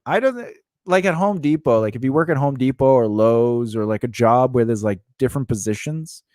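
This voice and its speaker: A man with a medium-pitched, slightly mellow voice speaks in an animated, brisk way, recorded in a clean studio with no room sound. He's co-hosting a podcast and telling a story in casual chat, acting out the quoted dialogue and laughing often along the way.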